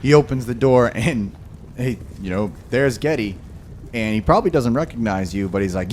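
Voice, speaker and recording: A man's voice: mid-range voice, expressive, normal speed, darkish tone, a little hiss or hum. A man narrating as game master in a rambling, casual way, full of fillers. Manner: rambling, filler-heavy, laughs often.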